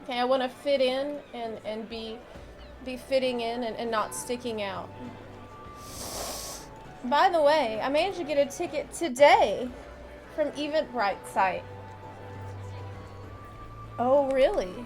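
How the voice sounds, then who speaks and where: A woman's voice: sits high, unhurried, long pauses, soft background music. A woman streamer chatting casually with her viewers, rambling and often cutting herself off mid-sentence. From United States. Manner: chatty, rambling, self-interrupting.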